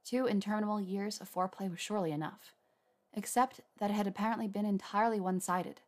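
A woman narrating a story aloud in a measured, even reading. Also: medium pitch. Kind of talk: reading fan fiction aloud.

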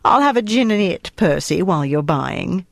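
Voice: medium pitch, lively intonation, normal speed, vocal fry, no room sound, clean studio sound, voice pushed up. A narrator voicing a brash, haughty woman with a Cockney accent polished by elocution lessons. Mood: arch, haughty. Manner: arch and haughty.

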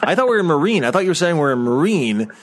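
A man's voice: fairly high pitch, big pitch swings, very fast, slight background noise. A man bantering playfully with friends while playing a video game. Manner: playful, joking. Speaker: gamer. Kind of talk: casual let's-play banter.

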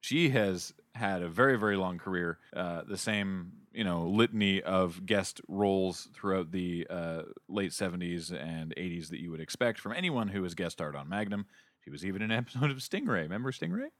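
A man with a very low voice chats casually on a podcast, retelling a TV episode with jokes and quoted lines. The sound is close and dry, with no room around it. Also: lively intonation, normal speed, fairly bright tone, no room sound. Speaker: podcast co-host. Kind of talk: casual chat recapping a TV episode.

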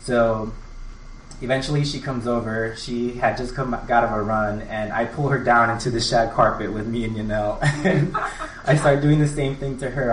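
A man telling a personal story live at an event, earnest and halting, often restarting his words. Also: mid-range voice, slight background noise. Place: live event space with an audience. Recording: roomy, distant mic with faint ambience.

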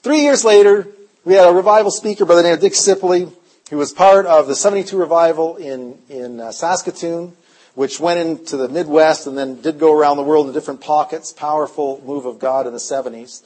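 In a storytelling revival sermon, a man preaches with animated tales, his fairly high voice moving fairly quickly and swinging from loud to hushed.

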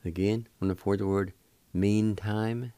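Older guy, low mellow voice, slow patient lesson, dry close sound. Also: steady tone, dry recording. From Cherokee Nation, Oklahoma. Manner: slow, patient, repeats each syllable. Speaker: radio host teaching Cherokee words. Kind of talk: slow spelled-out language lesson.

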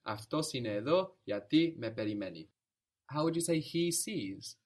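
A man's voice: medium pitch, expressive, normal speed. A man teaching a language lesson, patiently prompting, repeating answers and explaining where words come from.

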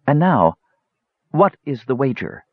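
A man voicing a cool, poised dark-haired young woman who speaks slowly, in a storybook reading. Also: medium pitch, very animated, breathy edge, dry recording, highs cut off, pitched above the performer's own voice.

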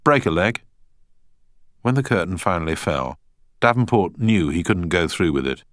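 A man reads an audiobook in a measured, expressive style. His voice is very deep yet moves through a lively range of pitch. The recording is dry and close. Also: dry recording. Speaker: audiobook narrator. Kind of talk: scripted narration.

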